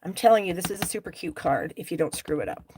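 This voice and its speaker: Animated and quick, a middle-aged woman with a lower voice runs a live crafting demo on stamping, calling out viewers by name and showing open frustration at her slip-ups. Background noise can be heard.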